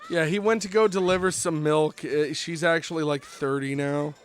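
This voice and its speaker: A man's voice: a little high, normal speed, clear, resonant tone, soft background music. A man streaming a video game, chatting and telling rambling stories. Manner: rambling, animated storytelling with fillers. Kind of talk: casual gameplay chat.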